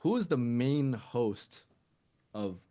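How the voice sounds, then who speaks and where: A man's voice: medium pitch, big pitch swings, slow, warm tone. A man hosting a casual trivia round on a podcast, reading out questions and laughing along. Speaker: quiz host.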